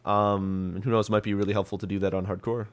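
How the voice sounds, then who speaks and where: A man's voice: lowish voice, little pitch movement, fast talker. A young man hosting a podcast, chatting casually about gaming news with lots of ums and restarts. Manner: rambling, full of ums and restarts. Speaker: podcast host.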